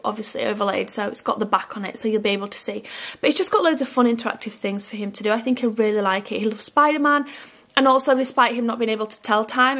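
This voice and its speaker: Chatty British mum type, fairly high voice, easygoing rambling delivery. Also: female voice, a bit bright. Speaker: family vlogger. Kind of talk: casual gift haul chat.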